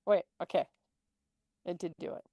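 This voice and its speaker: A woman's voice: lowish voice, steady tone, moderate pace, gravelly, dark tone, no echo, studio quality. A woman co-hosting a podcast, chatting casually and laughing easily. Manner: easygoing, laughs often. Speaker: podcast co-host. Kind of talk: casual chat.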